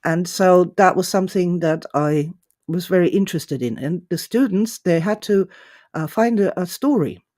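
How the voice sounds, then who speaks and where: A woman hosting her own show, telling a story in a musing, unhurried way with frequent restarts. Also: on the low side, a little mellow, no room sound, clean studio sound. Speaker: host. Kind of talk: storytelling talk.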